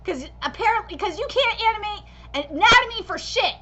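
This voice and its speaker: Brief: woman streamer, very high sharp voice, profane heated critique, lo-fi recording. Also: expressive, brisk, a little hiss or hum. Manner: passionate, profane ranting critique. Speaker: anime reaction streamer. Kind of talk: live reaction commentary.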